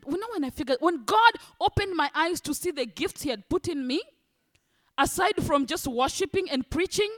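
A woman preaching a sermon, animated, acting out the voices of church members. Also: high voice. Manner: animated, acts out congregants' voices.

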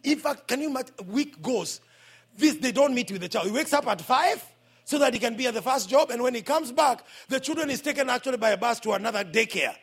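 A Kenyan man preaches a fiery sermon at a church service, dropping to near-whispers and then shouting. His voice sits very high for a man, with a husky, breathy edge and gravelly fry underneath. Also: expressive, fast talker. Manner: impassioned preaching that swings between hushed asides and shouts. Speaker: pastor.

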